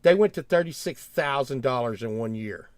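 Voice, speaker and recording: A man's voice: medium pitch, expressive, normal speed, no room sound. A middle-aged man, telling a rambling, heated story in casual chat.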